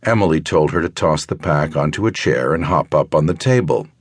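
A man with a very low, deep voice reads a thriller audiobook in a measured, even way. The recording is close and dry, with no room sound. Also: husky, no room sound. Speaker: audiobook narrator. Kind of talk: scripted narration.

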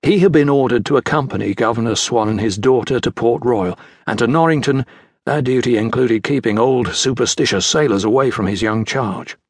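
A man narrates a children's adventure audiobook from a script in a measured, even manner. His voice is slightly husky and mid-pitched, recorded dry and close with no room sound.

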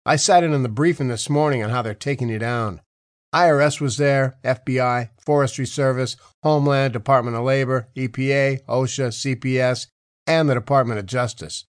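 A man's voice: medium pitch, normal speed, no room sound, clean studio sound, close to an everyday voice. A man voicing a sneering, bullying male cop who taunts and curses in an audiobook. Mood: taunting. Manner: taunting, crude.

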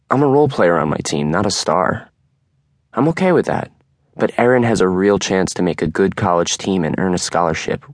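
Young male audiobook narrator, deep and calm, dry close-miked delivery. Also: no room sound. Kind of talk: first-person audiobook narration.

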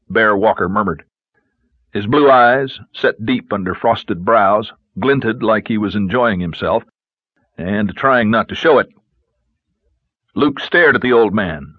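A male audiobook narrator reads a western in a measured, even manner. His voice is low and a little husky. The recording sounds dull and very dry. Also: dry recording. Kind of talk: scripted narration.

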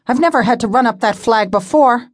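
A woman's voice: on the high side, fairly quick, no echo, studio quality, pitched above the performer's own voice, lightly acted. A woman voicing a nervous young male harbor assistant who asks breathless, anxious questions in an audiobook.

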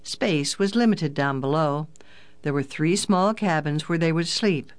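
Clear, even children's audiobook narrator. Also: mid-range voice, unhurried.

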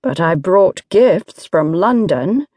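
A woman's voice: on the low side, lively intonation, slow, darkish tone, slightly rough, dry recording, clean studio sound, heavily acted. A woman reading an audiobook, voicing a jovial teenage boy who banters with his little sister. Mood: teasing. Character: cheerful teenage boy, teasing older brother.

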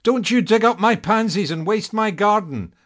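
A man voicing a scolding middle-aged woman, a cat's owner, who talks in a shrill, cross way in a storybook. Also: expressive, moderate pace, fairly bright tone.

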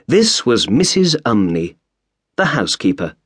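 A man narrating a storybook in a measured, expressive way, close to a studio mic. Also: on the low side, breathy edge, no echo. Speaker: audiobook narrator.

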